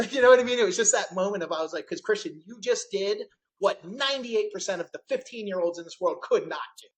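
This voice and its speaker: A man hosting a podcast interview, telling a story with animated, acted-out quotes. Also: sits high, fast talker, slight background noise, rough recording. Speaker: podcast host. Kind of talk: casual interview chat.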